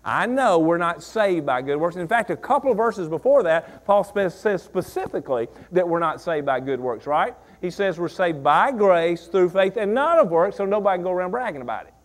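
High-voiced preacher. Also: male voice, normal speed, hardly any pauses. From Mississippi. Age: 40s. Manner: animated, repeats phrases, asks the congregation questions. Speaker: pastor. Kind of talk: sermon.

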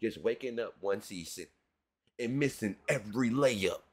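A man hosting a music reaction video, talking in a casual, slangy way with animated, mock-outraged rants. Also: lowish voice, moderate pace.

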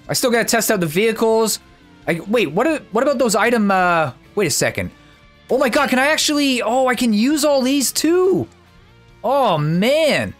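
A man giving casual, excitable gameplay commentary as a YouTuber, chatty and thinking out loud. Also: high voice.

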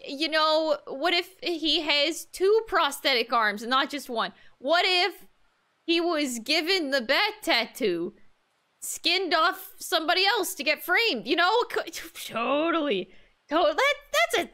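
A woman streaming a video game, chatting casually and excitably with her viewers and reacting out loud to the game. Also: high-pitched. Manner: excitable, talks fast to her chat, frequent exclamations. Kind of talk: casual gameplay commentary.

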